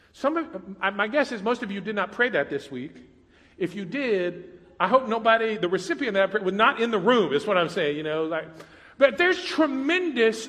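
A male pastor with a notably high voice delivers an animated sermon, moving from loud, dramatic passages to quiet, intimate asides. His words carry a long reverb in a large hall.

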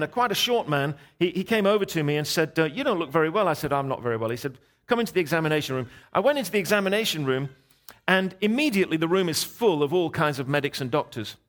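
A middle-aged man preaching as a guest, telling a story in a lively, animated way and voicing the people in it. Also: a little high. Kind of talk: sermon storytelling.

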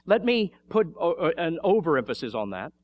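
Man preaching fervently, slightly high voice. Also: sing-song, a little fast, dull audio. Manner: fervent, emphatic preaching with sudden swells and drops in volume; repeats phrases for emphasis. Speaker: pastor. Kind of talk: sermon.

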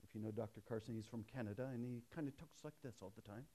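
A man preaching a sermon in a conversational way, swinging between emphatic raised passages and hushed storytelling. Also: medium pitch, fast. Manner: conversational, with restarts and asides. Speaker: pastor.

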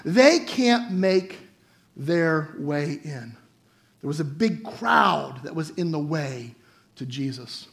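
A young man preaching a guest sermon in a chatty, animated way, often checking in with the listeners. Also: high voice, a little slow. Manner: animated, chatty, asks the audience "right?" often.

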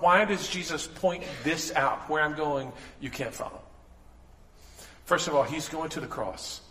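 Pastor, man, bright forceful voice, casual preaching style, echoey church hall. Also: a little high. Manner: conversational preaching with asides and restarts. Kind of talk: sermon. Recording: echoey hall with long reverb.

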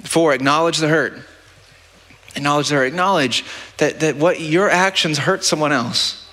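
A man's voice: on the high side, normal speed, sharp tone. A man preaching a sermon as pastor, talking in a conversational, practical way and often checking in with the listeners by asking "right?". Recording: long church-hall reverb.

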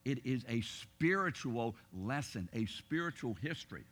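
A middle-aged man teaching a Bible class in a plain, middle-pitched voice. He talks conversationally and with emphasis, putting rhetorical questions to his listeners. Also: animated, moderate pace, fairly bright tone.

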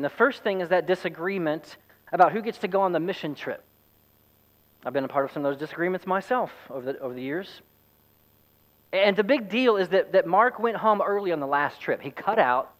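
A man's voice: a little high, rough recording. A man, a pastor, preaching a sermon in a conversational, storytelling way. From United States.

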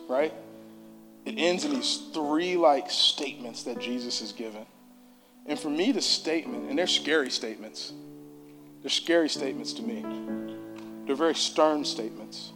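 A man preaching a sermon in a church service, impassioned and repetitive. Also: medium pitch.

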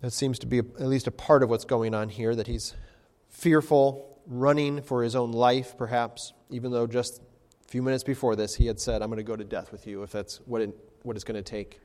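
Man, pastor, sermon, rhetorical questions, middle pitch, long hall reverb. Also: fairly even intonation, brisk, a little mellow. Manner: expository preaching with rhetorical questions.

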